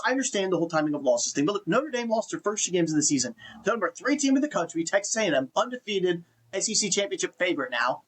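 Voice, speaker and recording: A man's voice: high-pitched, very animated, quick pace. A man hosting a casual sports talk show, ranting in an exasperated way and swearing now and then. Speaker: podcast host.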